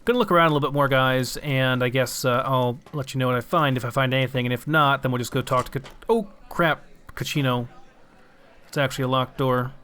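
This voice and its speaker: A man's voice: medium pitch, steady tone, a little fast, a bit bright, smooth. A young man casually commenting on his game, musing aloud and swearing now and then. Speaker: gamer.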